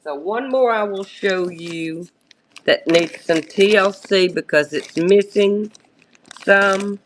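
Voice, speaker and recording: Casual live seller, a woman with a slow, meandering pitch who loses her train of thought and restarts. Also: slight background noise. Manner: halting, searches for words and restarts. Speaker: live-stream vintage jewelry seller.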